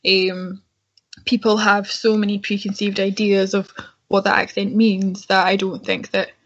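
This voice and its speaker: A woman's voice: mid-range voice, flat delivery, unhurried. A woman co-hosting a casual film discussion, chatty and frank, often restarting her sentences. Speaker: podcast co-host. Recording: dull lo-fi podcast audio.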